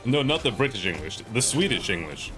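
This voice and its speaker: A man streaming a video game, making loud, joking asides with stammering restarts. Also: mid-range voice, big pitch swings, fairly quick, music in the background. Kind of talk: casual gameplay commentary.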